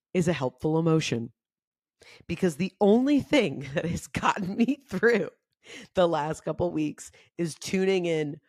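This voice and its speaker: A woman hosting a casual spiritual self-help podcast, talking frankly with lots of "like" fillers and expressive jumps in pitch. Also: no room sound, clean studio sound. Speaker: podcast host.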